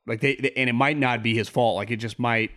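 A man talking sports on a podcast in loose, rambling chat. He pitches his voice up high whenever he quotes a coach or a fan, then drops back to an easy, middling tone. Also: brisk. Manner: rambling, animated, quotes people in a raised voice. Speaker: podcast co-host.

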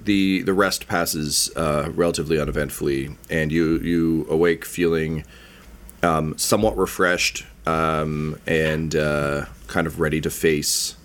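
A man narrating a tabletop game as game master, halting and full of ums. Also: a bass voice, fairly bright tone.

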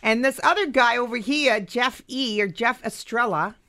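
A middle-aged woman hosts a comedy talk show from a radio studio. Her voice is bright and ringing, and her manner is playful and gushing. She chats casually with her guests. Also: on the high side, normal speed. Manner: gushing and playful, laughs easily.

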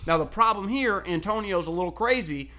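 A male sports talk host with a slightly raised voice tells stories in a loose, animated way. He swears freely and laughs as he goes. He talks casually, like he's chatting on the air. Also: sits high, brisk. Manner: animated storytelling, profane, laughs often.

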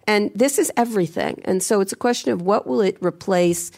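Woman, middle-aged, podcast host, blunt, teasing, gravelly, casual banter. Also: mid-range voice, a little mellow. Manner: blunt, teasing, rapid-fire. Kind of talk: casual banter and tech commentary.

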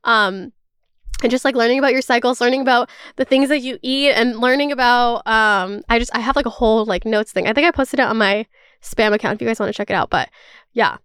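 High, clear-voiced young woman rambling. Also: a little fast, fairly bright tone, no echo, studio quality. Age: 20s. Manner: rambling, fills with "like", swears freely; candid and emotional. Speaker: podcast host. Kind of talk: casual chat.

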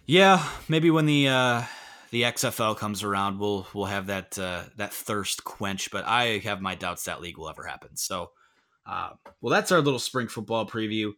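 Over a remote call, a man hosts a casual sports talk podcast in a slightly low, bright, forceful voice at a moderate pace. He rambles, corrects himself, and throws in joking asides.

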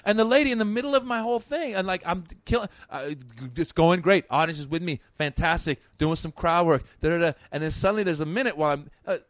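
This is a man from Iran who works as a stand-up comedian, chatting casually on a podcast. He tells long stories with eager restarts and repeated words. His voice sits a little high, and the recording is close and dry. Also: expressive, quick pace, few pauses, no room sound.

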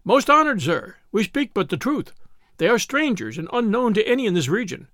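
A man's voice: high-pitched, sing-song, brisk, a bit bright, no room sound, clean studio sound. A man voicing a humble peasant who pleads deferentially with a lord, as a character in an audiobook. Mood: pleading.

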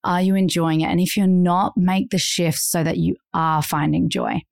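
A woman's voice: fairly low pitch, steady tone, moderate pace, creaky, dry recording, clean studio sound. A woman co-hosting a podcast in casual chat, talking in an effusive, encouraging way. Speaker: podcast co-host.

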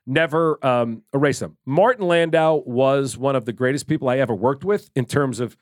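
A man hosting a podcast, telling stories in an animated way, swearing and laughing as he goes. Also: medium pitch, normal speed, no echo, studio quality. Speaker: podcast host and director. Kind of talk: casual storytelling chat.

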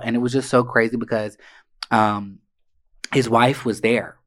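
A woman co-hosting a casual chat, telling stories bluntly with plenty of swearing. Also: very deep voice. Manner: blunt, profane storytelling.

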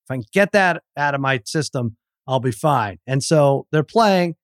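A man's voice: medium pitch, expressive, normal speed, no room sound, clean studio sound. A middle-aged man telling a story in casual podcast chat, stammering and acting out the people he quotes. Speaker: podcast guest.

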